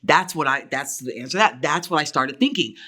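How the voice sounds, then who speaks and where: Woman around 40, guest on a podcast, lively storyteller, bright tone. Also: sits low, fairly quick. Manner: animated storytelling, acts out quoted voices. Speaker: guest, business owner.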